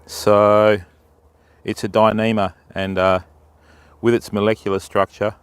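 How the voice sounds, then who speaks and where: A man's voice: fairly low pitch, flat delivery, measured pace, clean tone. Chatty Australian man livestreaming outdoors. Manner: greets viewers by name, chatty and matey. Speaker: fishing livestreamer. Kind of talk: casual livestream chat. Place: riverbank outdoors. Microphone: phone.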